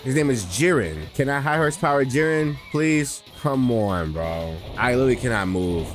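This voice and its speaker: A man's voice: mid-range voice, lively intonation, normal speed, faint music behind. A young man hosting a let's play, commenting in a hyped, slangy way and calling the viewer bro. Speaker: gaming video host.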